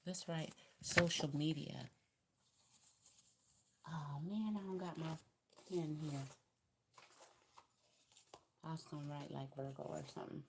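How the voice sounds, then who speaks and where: A Southern-accented woman talks through a tarot reading in a loose, chatty way, cheering the listener on and circling back to the same advice. Her voice sits low in pitch. Faint background noise runs under her speech. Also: steady tone, takes it slowly, vocal fry, pauses often. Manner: chatty, repetitive, encouraging, with colloquial grammar. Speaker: tarot reader. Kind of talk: casual tarot card reading.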